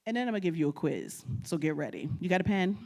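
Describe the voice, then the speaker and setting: A woman's voice: fairly low pitch, expressive, quick pace, darkish tone. A woman from New York giving a humorous talk on genealogy research, telling stories, laughing often and talking straight to the audience. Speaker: guest speaker on genealogy.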